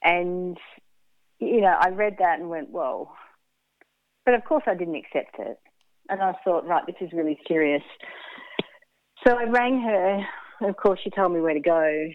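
Woman, lowish voice, tinny phone line, candid storyteller, laughs often. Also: normal speed, pauses often, dry recording. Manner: candid, laughs often, acts out quoted speech. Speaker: guest. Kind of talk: casual storytelling interview.

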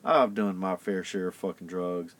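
A man's voice: low voice, normal speed. A middle-aged man from Florida, a podcast guest, ranting in casual chat with heavy swearing. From Pensacola, Florida. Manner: profane, animated ranting.

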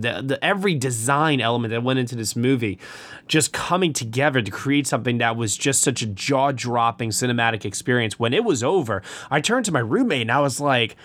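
A man's voice: medium pitch, fairly bright tone, dry recording. Eager man gushing on a podcast. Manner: enthusiastic, gushing, repeats himself. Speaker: podcast host. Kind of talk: casual film review chat.

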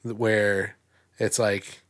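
A man in casual conversation who speaks in a measured, hedging, thoughtful way. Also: on the low side, level tone, fairly bright tone. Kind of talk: casual chat.

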